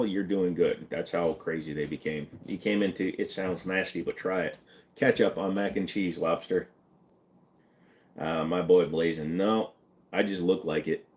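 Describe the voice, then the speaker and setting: A deep-voiced man hosts a casual live stream, reading out chat questions and firing back blunt, joking answers. His low voice carries an easygoing tone. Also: a little mellow.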